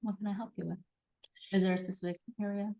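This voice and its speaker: A woman hosting a live card reading, enthusiastic and animated, acting out little quoted voices as she coaches. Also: medium pitch, fast talker, creaky. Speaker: host and intuitive reader.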